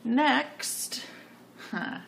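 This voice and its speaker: Woman, knitting podcast host, rambling chatty tone, gravelly fry, faint hiss behind. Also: sits high, expressive, extremely slow, a bit bright. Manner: chatty, rambling, self-correcting. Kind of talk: casual show-and-tell chat.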